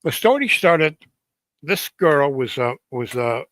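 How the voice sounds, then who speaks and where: Halting man telling a ghost story. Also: fairly high pitch, big pitch swings, fairly bright tone, no echo. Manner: halting, many restarts and fillers.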